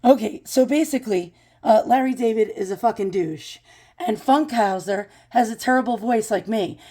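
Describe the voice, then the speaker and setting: A hoarse woman hosting a vintage glass video, with a creaky, croaky voice she is losing. She rants profanely and jokes at her own expense. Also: a little high, moderate pace, warm tone. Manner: profane, ranting, self-deprecating. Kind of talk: casual vlog talk.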